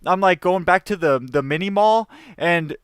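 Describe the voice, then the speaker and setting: This young man hosts a loose, chatty podcast, telling a long story in a pitched-up, clean voice. He rambles, swears casually and keeps tossing in "dude." His mic is close and dry, with no room sound. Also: moderate pace, smooth, dry recording. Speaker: podcast host. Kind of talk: animated storytelling in casual chat.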